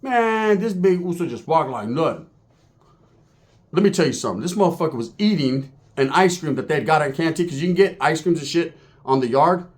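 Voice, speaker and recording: Animated, profane male storyteller. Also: fairly high pitch, a little fast. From California. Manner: animated, crude, acts out other people's voices. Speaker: former prisoner telling a story.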